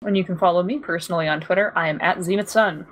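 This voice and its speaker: A woman's voice: on the low side, steady tone, rapid-fire. A woman co-hosting a podcast in casual chat about tabletop games, making dry, opinionated asides. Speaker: podcast co-host.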